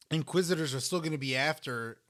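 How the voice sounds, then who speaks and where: Man, podcast co-host, bright tense tone, rambling casual chat, eating while talking. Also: on the high side. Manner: rambling, restarts, talks with mouth full.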